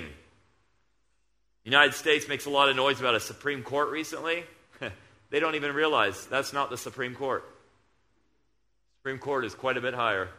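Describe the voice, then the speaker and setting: A middle-aged man preaching a sermon, moving between loud, excited storytelling and quiet, hushed intensity. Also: mid-range voice.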